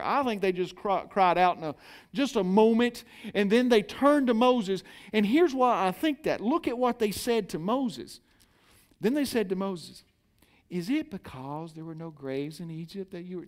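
High-voiced preacher acting out scripture. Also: male voice, animated, normal speed. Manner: dramatic, acts out the people in the story, calls on the congregation to respond. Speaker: pastor. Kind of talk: sermon.

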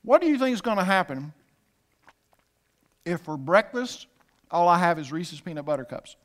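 A man's voice: high voice, very animated, moderate pace, fairly bright tone. A male pastor preaching a sermon, calling on the congregation to repeat after him and joking between points. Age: adult with a son. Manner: preaching with call-and-response and humor.

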